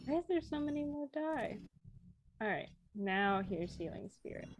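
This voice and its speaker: A woman's voice: sits high, animated, moderate pace, slight background noise. A woman playing a tabletop game, thinking aloud in a somewhat flustered way. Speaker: player. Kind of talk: casual play at a tabletop game.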